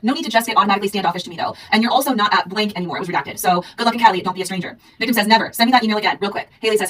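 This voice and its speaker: A woman co-hosting a casual podcast, reading out text messages in a rapid, run-on way with lots of "like" and "says". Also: medium pitch, fairly bright tone, recorded from a distance, poor audio. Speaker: podcast co-host reading case texts.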